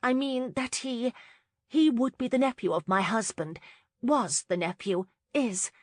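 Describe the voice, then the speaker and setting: A woman's voice: on the high side, measured pace, a little mellow, dry recording, studio quality, pitched above the performer's own voice. A woman voicing a young, proper countess who stammers when flustered.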